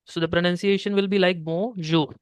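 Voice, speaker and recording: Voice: medium pitch, fairly even intonation, fairly quick, clean tone, no room sound. A French teacher giving a one-on-one beginner lesson, explaining patiently step by step and checking in often.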